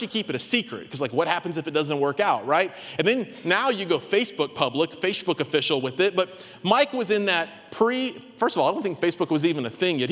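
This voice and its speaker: A man in his thirties preaching a sermon as a pastor, telling a story and acting out the voices in it. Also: high-pitched. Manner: animated, acts out voices in his stories. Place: large church hall. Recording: long hall reverb.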